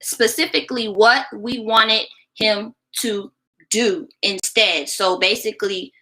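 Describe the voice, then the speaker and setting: A woman's voice: mid-range voice, fairly even intonation, slow, sharp tone, rough recording. A woman teacher explaining classroom practice in an instructional video, often checking in with the listener by asking "right?". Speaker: teacher and education creator.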